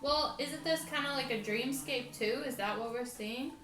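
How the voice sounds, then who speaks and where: A woman's voice: high voice, normal speed, fairly bright tone. A woman player chatting casually at a tabletop game, blunt and chatty. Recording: echoey room, distant mic, faint music.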